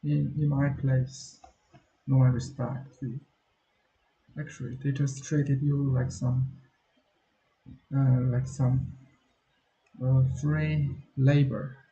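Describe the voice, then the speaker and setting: A man's voice: medium pitch, level tone, takes it slowly, mellow, roomy sound, dull audio. A tired man with a Chinese accent, muttering in weary frustration during a casual screen-recording vlog.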